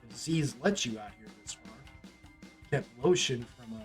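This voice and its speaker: A man's voice: medium pitch, lively intonation, normal speed, soft background music. Rambling game master man. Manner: rambling, laughing easily. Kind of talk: narrating a tabletop game.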